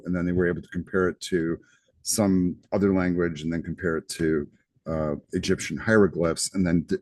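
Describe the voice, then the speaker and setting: A man's voice: sits low, a little mellow, dry recording. A man giving a recorded college lecture, talking conversationally and checking in with the class with frequent asides. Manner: conversational, chatty, lots of "right?" asides. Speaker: college instructor.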